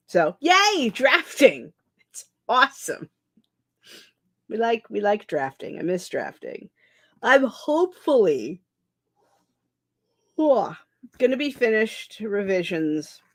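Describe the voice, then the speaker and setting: A young woman talks casually on a writing livestream. She reads chat aloud and often restarts her sentences, and her voice swings up and down a lot. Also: fairly low pitch. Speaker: streamer hosting a writing session.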